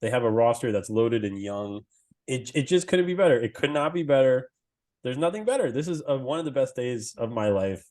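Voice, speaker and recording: A young man co-hosting a sports podcast, excitable and swearing, laughing often as he talks. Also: medium pitch, a little fast. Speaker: podcast co-host.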